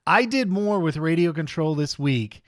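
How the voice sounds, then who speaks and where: A man's voice: fairly high pitch, expressive, normal speed, dry recording, clean studio sound. Upbeat chatty man hosting a live stream. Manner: upbeat, chatty, greets viewers by name. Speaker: host of a live RC hobby show. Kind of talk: casual live-stream chat. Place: home studio desk.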